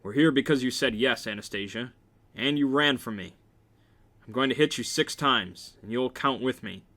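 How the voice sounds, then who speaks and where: A man's voice: mid-range voice, normal speed, bright, forceful tone. A man reading as a stern controlling young man.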